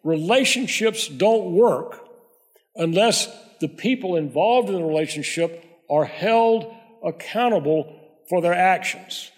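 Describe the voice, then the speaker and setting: A man's voice: high voice, lively intonation. Man preaching in a reverberant hall. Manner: measured, conversational preaching with prayer. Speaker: pastor. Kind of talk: sermon.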